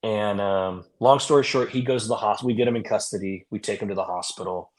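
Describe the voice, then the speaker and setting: A man's voice: on the low side, brisk. A man, a former police officer, telling stories in a casual, rambling way with many fillers. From California. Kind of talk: storytelling in a podcast interview.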